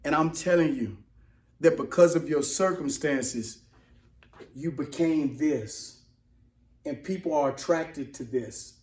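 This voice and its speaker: A man preaching with a high-placed voice and heavy emphasis, repeating lines to drive them home. He swings from near-shouts to hushed, slowed-down asides. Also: reverberant. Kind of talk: sermon-style motivational talk.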